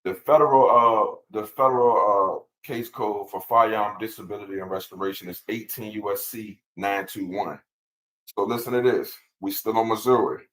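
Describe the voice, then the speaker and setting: A man's voice: lowish voice, fairly even intonation, normal speed, a bit bright, low-quality recording. A man hosting a casual livestream, reading legal text aloud and answering viewers' chat in a laid-back way with lots of repeated words. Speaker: channel host answering live chat.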